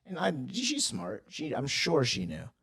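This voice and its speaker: A man's voice: fairly high pitch, wildly swooping pitch, a little slow, fairly bright tone. A young man co-hosting a podcast, telling a rambling, profane story in casual chat, full of filler words. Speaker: podcast co-host.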